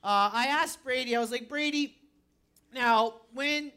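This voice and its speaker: A woman pastor preaching a sermon, telling stories with animated energy and rising to shouts. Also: high-pitched, a little slow, clear, resonant tone.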